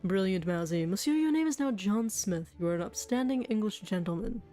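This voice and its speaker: A woman voicing a sly, scheming male fox lawyer with a smooth, wheedling, theatrical manner, in game voice acting. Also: mid-range voice, lively intonation, fairly quick, warm tone, soft background music, close to an everyday voice.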